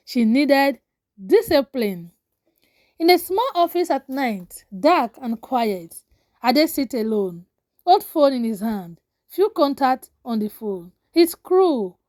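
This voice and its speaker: A woman's voice: sits high, sing-song, takes it slowly, darkish tone, no room sound, studio quality. A woman narrating a scripted drama story in short, dramatic declarative lines.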